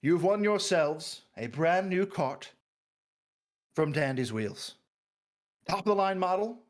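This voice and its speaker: A man voicing a showy male town mayor with a handlebar mustache, announcing in a booming, theatrical way. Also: lively intonation, slow pace. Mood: grand, celebratory.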